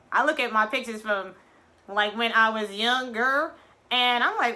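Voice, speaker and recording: A middle-aged woman, giving a casual, animated spiritual talk to her viewers and acting out quoted voices. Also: on the high side, normal speed. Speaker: spiritual vlogger.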